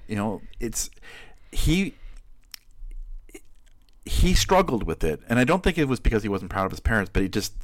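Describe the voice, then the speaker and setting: A man co-hosts a casual book podcast, searching for words and restarting his sentences. His voice sits low, with a close, dry sound. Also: dry recording. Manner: halting, many restarts. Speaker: podcast co-host.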